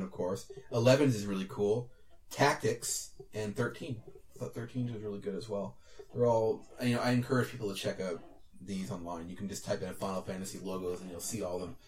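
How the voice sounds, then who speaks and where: A man's voice: lowish voice, far from the mic. A man hosting a podcast, talking casually in a rambling way with many fillers and restarts. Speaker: podcast host. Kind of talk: casual chat, reading out an interview.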